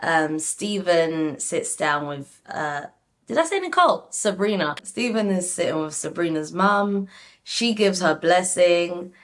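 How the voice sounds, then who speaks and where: A young woman casually reviewing a reality show, animated and talking straight to her viewers with lots of "like". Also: lowish voice, unhurried. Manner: animated, frequent "like", addresses viewers. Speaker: reality TV recap YouTuber.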